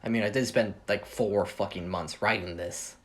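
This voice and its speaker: A man's voice: on the low side, steady tone, normal speed. A man casually reading his own fan story aloud, rambling, interrupting himself and cracking jokes, his voice a bit tired. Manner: rambling, self-interrupting, jokey. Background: video game playing.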